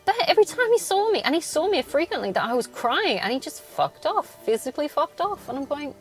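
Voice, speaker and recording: A woman's voice: high voice, big pitch swings, fairly quick, hardly any pauses, faint music behind. A young woman hosting a solo podcast from a car, venting bluntly, swearing often and laughing between thoughts. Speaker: podcast host.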